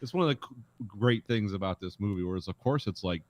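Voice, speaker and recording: A man's voice: fairly low pitch, lively intonation, quick pace, dry recording. A man co-hosting a casual movie podcast, rambling with hesitant restarts and acting out little quotes. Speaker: podcast co-host.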